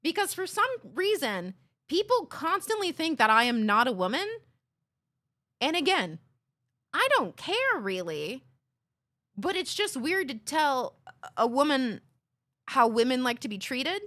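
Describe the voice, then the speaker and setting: A woman's voice: high-pitched, big pitch swings, measured pace, pauses often, bright, forceful tone. A woman live streamer talking casually with her chat, ranting with sarcasm and swearing.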